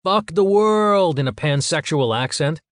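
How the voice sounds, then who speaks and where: A man's voice: on the high side, animated, measured pace, dry recording, clean studio sound, pitched above the performer's own voice. A man reading an audiobook, voicing a bitter, sarcastic young psychic who speaks in a biting way.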